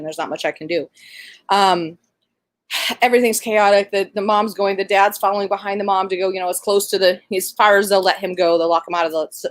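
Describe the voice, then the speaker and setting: A woman who works as a doula and midwife tells a birth story in an animated, conversational way. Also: medium pitch, no echo. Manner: animated, conversational, many fillers.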